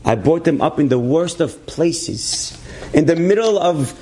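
A rabbi delivers a sermon in story form, his husky voice moving at a measured pace. He is an animated storyteller who acts out the people he quotes with rising pitch and sprinkles Hebrew words into his English.

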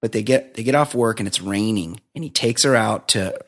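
A man's voice: lowish voice, a little fast, fairly bright tone. Profane, laughing man riffing on a movie. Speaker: podcast co-host. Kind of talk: casual movie-review chat.

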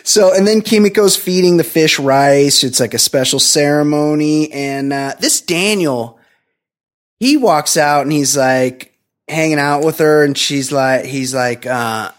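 Male podcast co-host, slightly raised pitch, crude comic recapper. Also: a little slow. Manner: crude, joking, animated retelling with quoted voices. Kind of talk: casual movie recap chat.

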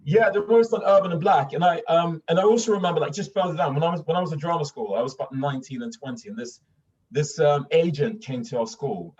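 Here a young northern English man who works as a voice actor chats through interview anecdotes, restarting often and using plenty of fillers. His accent is well-spoken, and his mid-range voice is a touch mellow with a breathy edge. Audio comes from a dull, far-off mic.

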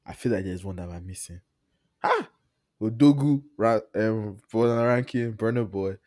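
A man's voice: fairly low pitch, moderate pace, darkish tone, no room sound, clean studio sound. A man co-hosting a podcast in casual chat, joking and rambling. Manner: joking, rambling, laughs often. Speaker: podcast co-host.

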